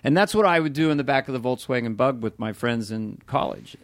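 Older man, comedian, casual podcast talk, animated, dry close sound. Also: mid-range voice, fairly quick, no echo. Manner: animated, jumps into voices and laughs often. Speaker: comedian guest.

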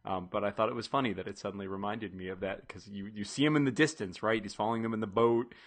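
A man's voice: lowish voice, quick pace. A man on a podcast panel, chatting enthusiastically. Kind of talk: casual chat.

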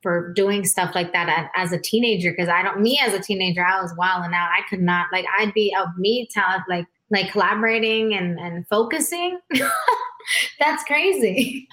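A woman singer, a guest in a casual interview, telling stories with animated energy, lots of "like" and quick laughs. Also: medium pitch. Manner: animated storyteller, frequent "like", laughs a lot; acts out quoted voices.

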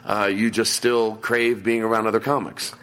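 A man's voice: lowish voice, flat delivery, normal speed, a bit bright. Rambling man chatting into a recorder. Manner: rambling, restarts, laughs while telling stories. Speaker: podcast co-host. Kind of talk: casual chat. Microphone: handheld voice recorder on a table.

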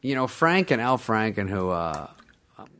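Animated man telling stories, laughing a lot. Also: on the low side, normal speed, clear, resonant tone. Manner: animated, laughs often, acts out quoted people. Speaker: guest comedian. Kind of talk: casual storytelling chat.

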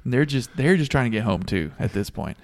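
A man's voice: mid-range voice, very animated, a little fast. A man co-hosting a podcast, chatting casually and telling a story with frequent laughs. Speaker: podcast co-host. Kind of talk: casual sports chat.

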